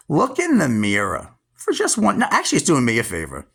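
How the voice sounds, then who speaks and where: A man in his sixties ranting scornfully, straight into the camera, at a relative, pausing to stress his words. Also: mid-range voice, wildly swooping pitch, vocal fry, fairly bright tone, breathy edge. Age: 60s. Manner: scornful, drawn-out emphatic pauses. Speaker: vlogger. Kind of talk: angry direct-address rant.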